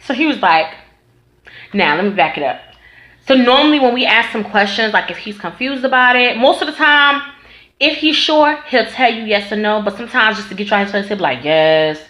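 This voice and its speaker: A woman tells a story in a casual vlog, animated and laughing, with plenty of swearing. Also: fairly high pitch, brisk. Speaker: vlogger telling a story. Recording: echoey room.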